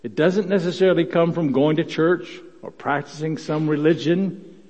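A man preaching a sermon as pastor, telling a Bible story and voicing its quotes with rising force, often repeating words and clearing his throat. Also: on the high side, fairly even intonation, normal speed, a little mellow. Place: church sanctuary. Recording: dull sound, long church reverb.

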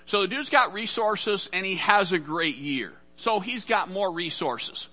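A man's voice: high voice, animated, a little slow, pushed and bright. A man preaching a sermon as pastor, casual and conversational, acting out the voices in Bible stories.

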